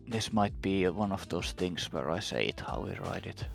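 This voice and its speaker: Low-voiced man explaining patiently. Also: animated, moderate pace, creaky, soft background music. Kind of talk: casual chat on a live stream.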